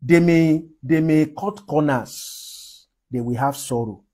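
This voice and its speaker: A man from Nigeria delivers a sermon in a fairly high, husky voice. He preaches with strong emphasis and laughs often between his points. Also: takes it slowly, mellow.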